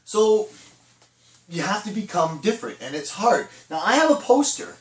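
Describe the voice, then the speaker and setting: Middle-aged guy doing a kids church talk, high-ish voice, echoey room, mic kinda far. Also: moderate pace. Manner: chatty, animated, with many restarts and acted-out quotes. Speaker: children's church leader. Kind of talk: casual children's talk.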